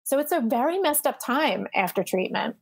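Animated woman telling her story. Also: high voice, normal speed, creaky, breathy edge. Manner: animated, acts out quoted voices, frequent fillers. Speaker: podcast guest. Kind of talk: candid conversational storytelling.

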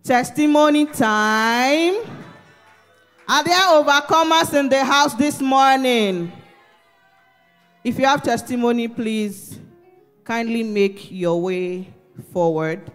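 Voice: mid-range voice, slow, a bit bright. A church service host with a Nigerian accent, encouragingly inviting people forward for testimony time. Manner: encouraging, leads the congregation. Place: church hall. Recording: echoey church hall with music.

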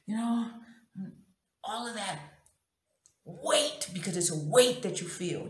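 A woman's voice: mid-range voice, animated, slow pace, long pauses, reverberant. A woman telling a personal story in a raw, profane, emotionally open confessional way. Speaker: vlogger.

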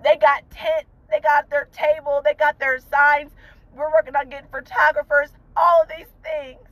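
A woman's voice: high voice, level tone, normal speed, fairly bright tone, no echo, rough recording. A woman vlogger and mother, crying as she talks to viewers from inside a car in a fervent, emotional way, repeating uplifting phrases. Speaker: vlogger, mother of two young entrepreneurs. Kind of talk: emotional casual talk to viewers.

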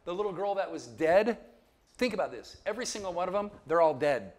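A man giving a Bible lecture in an animated way, often checking in with listeners and chuckling in asides. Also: high-pitched, brisk. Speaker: Bible teacher.

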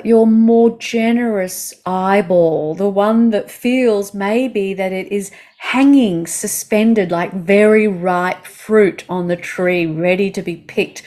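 A woman with an Australian accent guiding a slow body-awareness lesson, speaking soothingly and asking the listener gentle questions. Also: mid-range voice. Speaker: movement instructor.

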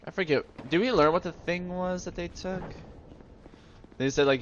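A man casually commenting on his own gameplay in an excitable way, talking to the enemies and breaking into sudden outbursts. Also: high-pitched, normal speed, highs cut off, a little hiss or hum. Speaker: let's play host.

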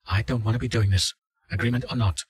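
A man's voice: fairly low pitch, fairly even intonation, quick pace, slightly rough, voice pushed up. A man voicing a frightened male test subject who sounds nervous and reluctant. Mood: uneasy.

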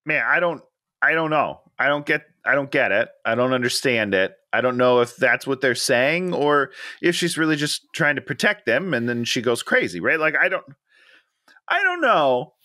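Male co-host, bright and lively, hesitant puzzled film talk, dry recording. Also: medium pitch, moderate pace, dry recording. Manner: hesitant, puzzled, jokey, repeats "I don't know". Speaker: podcast co-host. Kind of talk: casual film discussion chat.

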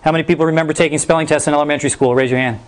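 Energetic male teacher with a high voice. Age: middle-aged. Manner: energetic, brisk, playful commands. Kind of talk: classroom instruction. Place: classroom.

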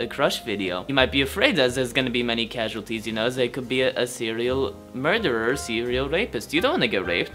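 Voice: medium pitch, fairly bright tone, lightly acted. A grandly theatrical old auntie, as a comic performer puts her on, drifting in and out of a fake German-like accent. She rambles bawdily from one aside to the next in a direct-to-camera comedy sketch. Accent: shifting put-on German-like accent. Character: flamboyant rich old aunt, woman, self-styled matchmaker. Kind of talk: comedic character monologue to camera.

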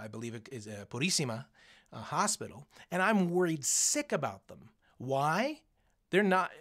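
A man teaching a recorded lesson to students in an animated, coaching tone, and he acts out the voices of people he quotes. His pitch rises and falls widely as he talks, sitting in a middle register. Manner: coaching, conversational.

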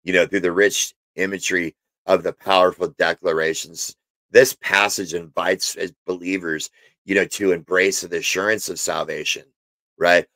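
A man's voice: low-pitched, steady tone, moderate pace, fairly bright tone, no room sound. A man teaching on a Bible passage in a casual, rambling way, full of fillers and restarts, sometimes emphatic. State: has hiccups. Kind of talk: informal spoken Bible teaching.

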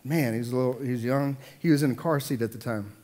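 A middle-aged man preaching a sermon as pastor, animated, often repeating words as he builds a point. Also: mid-range voice, quick pace. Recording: long hall reverb.

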